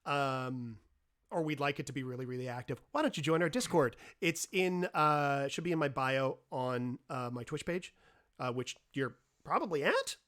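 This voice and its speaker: A man hosting a casual comedy chat show, chatty and animated as he plugs things and banters with guests. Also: medium pitch, moderate pace.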